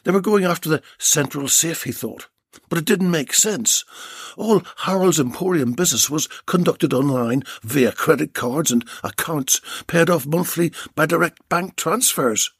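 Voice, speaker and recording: A man reads a comic crime story aloud with wry drama, his voice gravelly and a little husky. The recording is close and dry. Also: a little high, normal speed, no echo. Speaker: narrator. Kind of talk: audiobook-style story reading.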